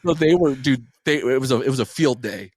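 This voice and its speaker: Animated male podcast co-host, dry sound. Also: mid-range voice, fairly quick, dry recording. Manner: animated storyteller, swears freely. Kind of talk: casual podcast banter.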